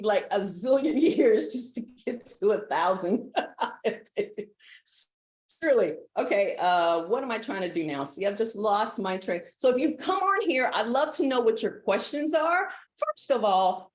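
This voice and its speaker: A woman's voice: medium pitch, expressive, a little slow, roomy sound. A woman hosting a casual live stream from a relative's house, chatty, laughing and easily sidetracked. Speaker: livestream host.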